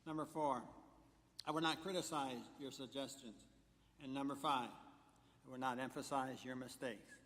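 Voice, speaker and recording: A man's voice: medium pitch, fairly even intonation, normal speed, a bit bright. A man, a pastor, delivering a sermon in a church, walking through numbered points and telling jokes along the way. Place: church sanctuary. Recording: long church reverb.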